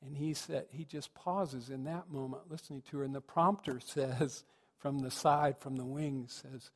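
A man's voice: mid-range voice, fairly even intonation, normal speed, breathy edge. Reflective male minister preaching. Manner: reflective storytelling, rising to earnest emphasis. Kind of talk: sermon. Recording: long reverb of a large hall.

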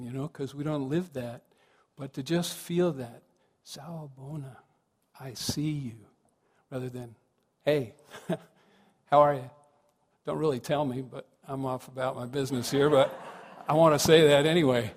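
A man giving a sermon as the minister, telling a story in a gentle way and dropping to a hush for quoted words. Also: a little high, in a large hall.

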